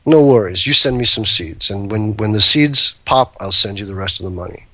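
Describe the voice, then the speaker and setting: A man voicing a calm, confident Dutch male business partner with a mock Dutch accent. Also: fairly low pitch, fairly quick, no room sound. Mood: dismissive.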